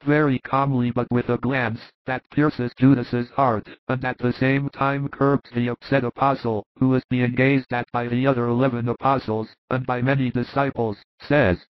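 A man narrates a religious story in an even, descriptive way. His voice sits at an ordinary male pitch. The recording is dull and lo-fi with no room echo. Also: normal speed, few pauses. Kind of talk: scripted narration.

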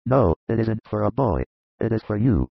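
A man reading a gravelly fatherly old disciple. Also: fairly low pitch, very animated, moderate pace, no echo, lo-fi sound, full character voice. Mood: earnest. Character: older male disciple, fatherly and earnest. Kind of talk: audiobook dramatized reading.

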